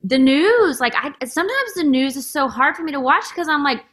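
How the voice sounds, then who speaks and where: A woman's voice: high-pitched, animated, a little fast, a bit bright. A woman hosting a podcast, chatting in an emotional, effusive way and saying "like" constantly. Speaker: podcast host. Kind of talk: casual interview chat.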